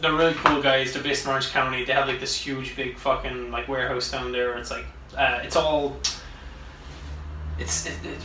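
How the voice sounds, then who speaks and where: A man hosting a laid-back podcast, rambling loosely and swearing freely. His voice is bright and forceful. It is caught from a distance by a camera mic, with a roomy, echoey sound. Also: medium pitch, flat delivery, moderate pace, slight background noise. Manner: loose, rambling and heavily profane. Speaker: podcast host. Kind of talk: casual podcast chat. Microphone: camera microphone.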